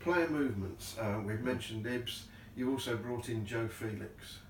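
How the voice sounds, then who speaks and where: A man's voice: medium pitch, a little slow, reverberant, distant mic, a little hiss or hum. A man interviewing a football manager for the club, putting brief, polite questions.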